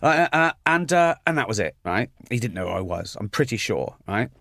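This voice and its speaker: A man chatting as a guest, telling animated anecdotes and acting out the quoted lines. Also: mid-range voice, brisk, creaky, no echo, studio quality. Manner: animated storyteller, acts out quotes. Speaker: comedian and guest. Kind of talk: anecdotal chat.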